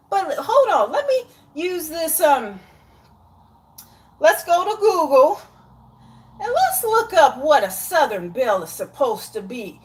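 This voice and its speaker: A woman's voice: high-pitched, big pitch swings, unhurried, darkish tone. A woman in her forties giving casual commentary, exasperated and sarcastic, dropping into muttered asides. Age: 40s. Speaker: YouTube commentator.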